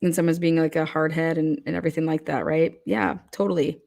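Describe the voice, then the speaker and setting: A woman's voice: deep voice, flat delivery, brisk, gravelly, darkish tone. A woman giving casual, profane true crime commentary, blunt and heated, firing off rhetorical questions.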